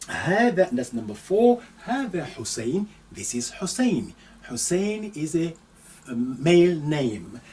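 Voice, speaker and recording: A male Arabic teacher gives a live lesson, his voice rising and falling in a lively way as he stresses words. He reads slowly and carefully, repeating each phrase and then translating it. He sounds set back from the microphone. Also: a little high, recorded from a distance, rough recording. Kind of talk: live online language lesson.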